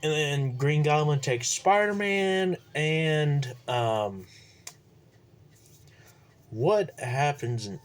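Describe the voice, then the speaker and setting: A man recapping a movie plot casually, rambling and halting with lots of fillers. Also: a little high. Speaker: movie reviewer.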